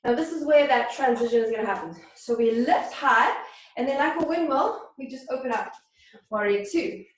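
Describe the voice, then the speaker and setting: Woman yoga instructor, higher voice, calm pose cues, slightly out of breath, far from the mic. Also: normal speed. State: somewhat out of breath. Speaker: yoga teacher. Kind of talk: guided yoga class instruction. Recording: very echoey room, voice from far off.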